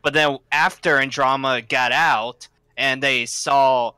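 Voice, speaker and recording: Crisp bright man, dry close sound. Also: mid-range voice, a little slow, no echo. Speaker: podcast co-host. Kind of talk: casual chat.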